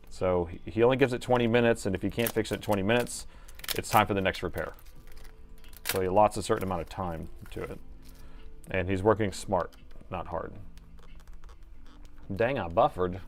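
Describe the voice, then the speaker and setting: Middle-aged guy fixing laptops on stream, rambles and jokes, talks to a desk mic in his workshop. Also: low voice. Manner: rambling and joking, thinks aloud, slips into an announcer voice. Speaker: laptop repair livestreamer. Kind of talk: casual live-stream chat while repairing.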